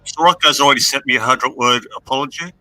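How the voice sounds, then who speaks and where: A man calls into a livestream for casual chat, delivering dry jokes with a straight face. His voice sits mid-pitch and sounds very bright and sharp. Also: quick pace. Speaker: guest caller on a stream.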